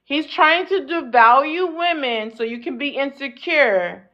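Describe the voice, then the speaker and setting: A woman with a high voice hosts a live panel debate and talks in a bossy way, interrupting often to take back the floor. Her audio comes through dull and lo-fi, like a live stream. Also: animated, a little slow. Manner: bossy, cuts in, hold on repeatedly. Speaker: talk show host.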